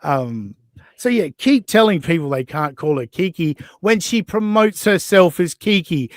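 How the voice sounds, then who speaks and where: A man's voice: sits high, expressive, measured pace, no echo. A man hosting a podcast, mocking and profane as he reacts to clips in casual chat. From Australia. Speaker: podcast host.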